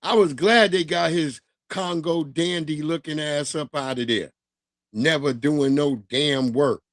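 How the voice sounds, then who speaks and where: High-voiced man telling profane stories. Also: measured pace, no room sound. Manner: profane, animated, mocking storytelling. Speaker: livestream host. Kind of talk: casual storytelling rant.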